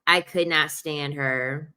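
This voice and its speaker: Woman rambling to her viewers, slow and unhurried, laughs a lot and repeats stuff. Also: low voice, steady tone, sharp tone, clear, resonant tone. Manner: chatty, emphatic, laughs often, repeats herself. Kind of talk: casual chat to camera.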